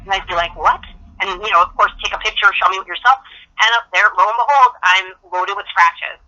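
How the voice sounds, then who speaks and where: A woman's voice: medium pitch, fast talker, bright, forceful tone. A middle-aged woman guest telling stories chattily over the phone, acting out the dialogue she quotes. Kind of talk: casual phone interview storytelling. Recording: dull phone-line audio.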